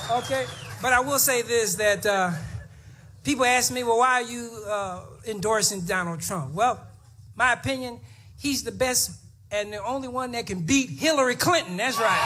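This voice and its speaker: A man, a minister, giving an impassioned preacher-style speech at a political event, asking the crowd for amens and shouting his key words. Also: high-pitched, very noisy. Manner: emphatic call-and-response, asks for amens.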